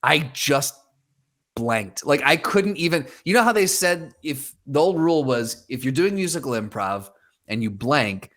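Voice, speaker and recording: A man's voice: on the high side, lively intonation, a little slow, a bit bright. A man co-hosting a podcast, telling rambling stories in casual chat. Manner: rambling storyteller, many restarts and fillers. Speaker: podcast co-host.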